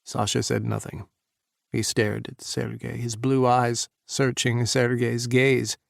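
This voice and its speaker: A man narrating an audiobook romance in a measured, intimate way. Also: medium pitch, level tone, gravelly, no echo, clean studio sound. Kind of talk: scripted narration.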